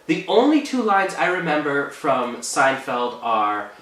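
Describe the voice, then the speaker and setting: Young Canadian male co-host, bright and forceful voice, echoey room, sits back from the mic. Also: a little high, big pitch swings, measured pace, far from the mic. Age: young adult. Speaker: podcast co-host. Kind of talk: casual chat.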